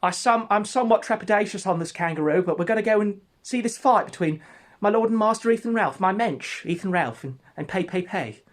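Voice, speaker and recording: A man's voice: high voice, lively intonation, a little fast, pitched above the performer's own voice. A man putting on the voice of a pompous, fawning hanger-on who is nervous about riding a kangaroo.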